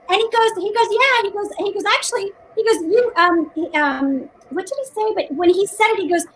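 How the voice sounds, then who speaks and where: A woman's voice: very high-pitched, expressive, fairly quick, fairly bright tone, poor audio. A woman co-hosting a casual book chat over a video call, rambling with many restarts and frequent laughter. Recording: faint background noise.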